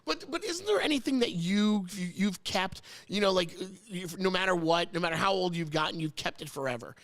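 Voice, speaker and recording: A man's voice: high voice, animated, fairly quick, a bit bright. A man from New Jersey hosting a casual chat, telling a long story in a rambling way, often repeating words and getting choked up. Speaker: host.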